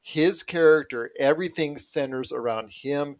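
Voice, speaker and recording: A man's voice: a little high, normal speed. Enthusiastic man hosting a podcast. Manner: enthusiastic, repetitive. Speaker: podcast host. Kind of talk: casual chat.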